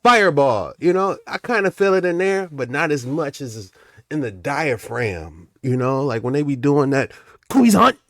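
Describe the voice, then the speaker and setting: A man's voice: medium pitch, lively intonation, normal speed, dry recording, clean studio sound. A man hosting a casual commentary on viral clips, talking in a laid-back, slangy, rambling way. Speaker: host.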